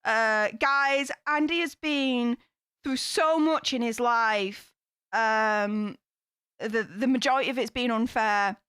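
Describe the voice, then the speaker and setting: A woman's voice: a little high, slow pace, fairly bright tone, clean tone, no room sound, clean studio sound. A woman hosting a casual live stream, gushing with thanks to her viewers.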